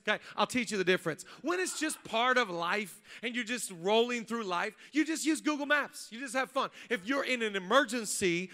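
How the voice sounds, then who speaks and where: A man, a pastor preaching a sermon, mixing funny stories with loud, rising exhortation. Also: high voice, lively intonation, a little fast, hardly any pauses. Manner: humorous storytelling, building to loud preaching. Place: church stage before a congregation.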